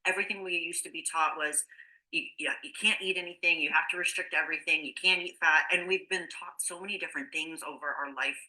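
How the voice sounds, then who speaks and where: A woman's voice: deep voice, fairly even intonation, fast, sharp tone, poor audio. A woman nutrition coach in casual conversation, explaining things with many fillers and restarts. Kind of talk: casual podcast chat.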